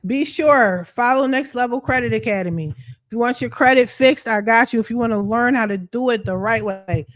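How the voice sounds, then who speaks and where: A woman's voice: fairly high pitch, normal speed. Woman coach, livestream rant, blunt and profane, slangy, speaks straight to camera. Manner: blunt, profane, fired-up venting; streetwise slang, addresses viewers directly. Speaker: credit repair coach.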